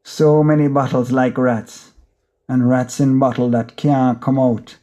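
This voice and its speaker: A man's voice: mid-range voice, level tone, measured pace, warm tone. Jamaican man narrating a frantic monologue. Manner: frantic, rambling inner monologue in patois. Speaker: audiobook narrator. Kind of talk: first-person audiobook narration.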